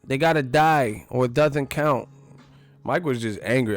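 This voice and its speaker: A man hosting a live boxing talk stream, riffing in an animated, profane, joking way. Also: mid-range voice, a little slow, soft background music. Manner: animated, profane, laughing riffs. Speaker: boxing channel host. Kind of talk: casual live-stream commentary.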